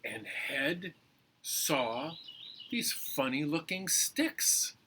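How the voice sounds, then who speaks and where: A man telling a folktale to children at a library storytime in a playful, expressive way. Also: on the high side, drawn-out words, slight background noise.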